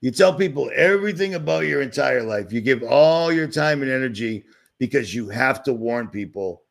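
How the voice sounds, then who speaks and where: Sharing his screen on a livestream, this Boston host rambles through a sarcastic, worked-up rant. His mid-range voice is gravelly and animated, moving at a moderate pace.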